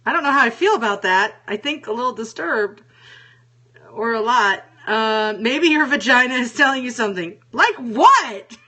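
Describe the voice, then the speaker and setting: A woman's voice: on the high side, lively intonation, moderate pace, pushed and bright. A woman hosting a casual solo talk show, frank and chatty, swearing freely and reading viewer comments aloud. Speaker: show host.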